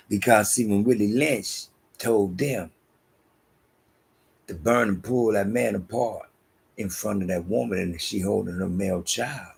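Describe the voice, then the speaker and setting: A man, preaching an emphatic, repetitive Bible-teaching sermon that drops into low asides. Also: creaky, husky, rough recording. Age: 60s.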